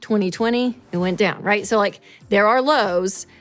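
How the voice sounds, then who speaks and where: A woman in her thirties hosting a show, talking through money advice in a casual, animated way and acting out quotes. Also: moderate pace, soft background music. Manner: animated, chatty, acts out quotes in a higher voice. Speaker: show host.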